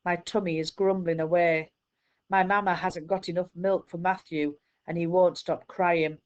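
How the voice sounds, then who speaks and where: A woman's voice: fairly low pitch, fairly even intonation, moderate pace, dull audio. Woman reading a children's story aloud.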